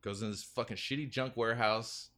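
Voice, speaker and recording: A man's voice: mid-range voice, brisk. Profane man recapping a movie. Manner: profane, animated retelling of scenes. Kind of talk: casual movie review chat.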